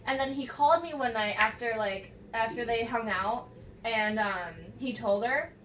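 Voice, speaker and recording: A high-pitched teenage girl tells a rambling story, leaning on "like" constantly. She sits away from the microphone, so her voice comes through roomy and echoey with a faint hiss behind it. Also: moderate pace. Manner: storytelling with many "like"s, laughing and near tears. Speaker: podcast host. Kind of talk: casual chat. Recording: far from the mic in an echoey room with faint noise.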